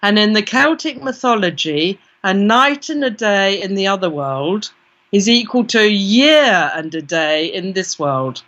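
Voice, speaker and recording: A British woman tells a personal story as an interview guest. Her voice is bright and forceful, and she brings the tale to life by quoting her own thoughts. The sound is dull and lo-fi. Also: medium pitch, animated, measured pace. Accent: British English. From Britain. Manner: vivid first-person storytelling with quoted inner voices. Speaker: guest, parapsychologist. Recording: dull lo-fi recording.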